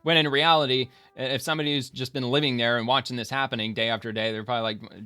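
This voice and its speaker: A man's voice: medium pitch, steady tone, fast, few pauses, sharp tone, clear, resonant tone, no echo, soft background music. A man giving casual, rambling reaction commentary, talking loosely with lots of fillers and restarts. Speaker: online commentator.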